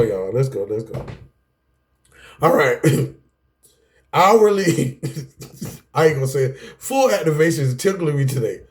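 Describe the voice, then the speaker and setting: Talking to camera about anger, this man teaches self-help with a preacher's rhythm, addressing his audience as "y'all" and frequently laughing or cutting himself off. His expressive voice runs on the high side at a moderate pace, with long pauses.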